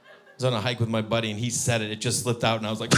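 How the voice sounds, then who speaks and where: A man doing a stand-up comedy set on a live stage, animated and breaking into loud high-pitched punchlines. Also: very fast, noisy background.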